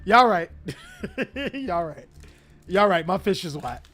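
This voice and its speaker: A young man hosting his channel, telling a story casually to his chat, animated, laughing often and swearing freely. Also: high-pitched, slow pace. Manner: animated, laughing, profane, chatty. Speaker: channel host.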